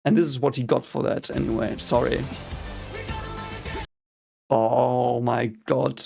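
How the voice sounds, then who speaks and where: Gravelly German man reacting, swearing. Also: medium pitch, little pitch movement, takes it slowly, music in the background. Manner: frustrated, swears a lot, mock-cheering outbursts. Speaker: reaction video host. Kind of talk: casual reaction commentary.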